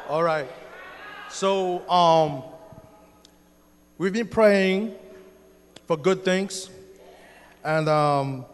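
High-voiced man with a French accent. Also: extremely slow, long pauses. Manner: excited storytelling with many fillers and restarts. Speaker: church member giving a testimony. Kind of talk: spoken testimony to a congregation. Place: church hall. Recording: long hall reverb.

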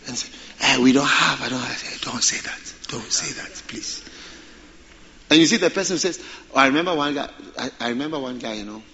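Animated preacher, bright voice. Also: male voice, mid-range voice, fairly quick, highs cut off. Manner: animated, repeats phrases for emphasis. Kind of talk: sermon.

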